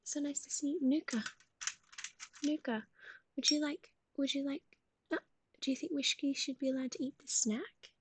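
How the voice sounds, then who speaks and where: A young woman streaming live, whispering softly and cooing in baby talk to her dog while chatting with viewers. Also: high voice, fairly even intonation, moderate pace, long pauses. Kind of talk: ASMR livestream chat.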